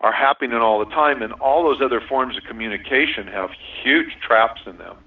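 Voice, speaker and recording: A man's voice: mid-range voice, fairly quick. A man speaks earnestly and reflectively, laughing now and then and circling back on his words. His voice is thin and phone-like and sounds far from the mic. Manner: earnest, reflective, laughs often, many restarts. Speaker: guest sharing a relationship compatibility system. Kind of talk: casual interview talk. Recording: distant, tinny phone-line sound.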